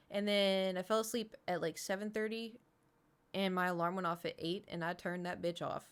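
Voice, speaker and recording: Young woman streamer rambling thru a story, kinda low voice, swears a lot. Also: steady tone, fast talker, smooth. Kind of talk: casual chat.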